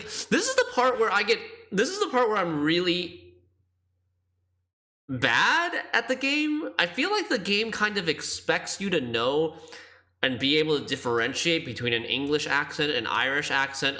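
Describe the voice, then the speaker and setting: A man's voice: fairly high pitch, very animated, moderate pace, bright, forceful tone. A man streaming a game, chatting casually and thinking aloud as he plays, often laughing.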